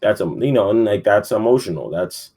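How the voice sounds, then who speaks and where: A man's voice: lowish voice, expressive, a little fast, darkish tone. A man hosting a podcast, rambling and profane, with many fillers, sounding sleepy. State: yawning, sleepy. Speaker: podcast host. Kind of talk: casual sports talk.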